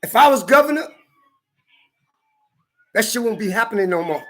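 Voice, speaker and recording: A man delivering a heated, profane rant to camera, often breaking into shouts. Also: sits high, lively intonation, moderate pace. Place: California.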